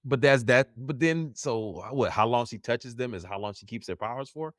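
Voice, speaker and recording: A man co-hosting a casual pop culture podcast, animated and quick to laugh. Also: mid-range voice, no echo, clean studio sound. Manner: animated, laughs often, jumps into silly voices. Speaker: podcast co-host.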